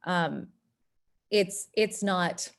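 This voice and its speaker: A woman from North Texas, presenting an online workshop and acting out quotes in lively voices. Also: extremely slow, gravelly. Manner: animated, acts out quoted voices with big pitch jumps.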